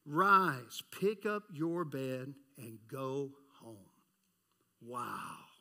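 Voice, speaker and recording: A male pastor preaches with big swings in his voice, jumping from high to low. His tone is bright and forceful. He acts out voices and keeps asking the congregation questions. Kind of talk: sermon.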